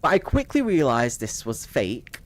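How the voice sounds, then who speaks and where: A man's voice: medium pitch, huge pitch swings, a little slow. A young man casually telling a rambling personal story, swearing freely and laughing at it as he goes. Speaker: streamer.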